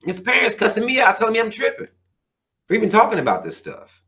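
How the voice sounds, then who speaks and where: A man's voice: high voice, wildly swooping pitch, fast talker, bright, forceful tone. A man hosting his own channel, reading viewer comments and ranting in a heated, profane, preachy way. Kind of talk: casual rant to viewers.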